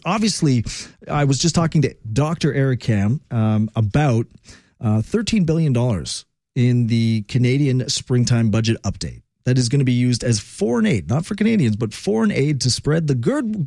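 A man's voice: medium pitch, dark tone, no room sound, clean studio sound. A man hosting a talk radio show, ranting in a conversational, opinionated way with fillers.

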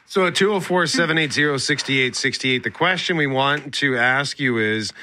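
A man co-hosting a radio show in casual chat, jokey and quick to laugh, often mimicking people he quotes. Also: medium pitch, pushed and bright, no room sound.

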